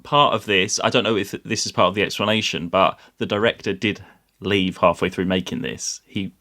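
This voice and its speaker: Deep-voiced man in casual podcast chat. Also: steady tone, brisk, pushed and bright. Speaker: podcast guest.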